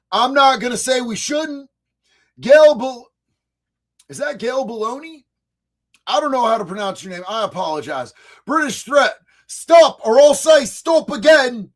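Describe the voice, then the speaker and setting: A man co-hosting a casual commentary stream, loud and profane, full of slang and frequent shouting. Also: high-pitched. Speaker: co-host.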